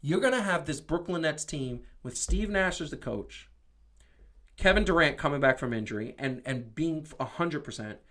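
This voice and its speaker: Man co-host, casual sports talk, fairly high voice, animated and opinionated, quick restarts. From New York. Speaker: podcast co-host. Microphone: streamed show mic.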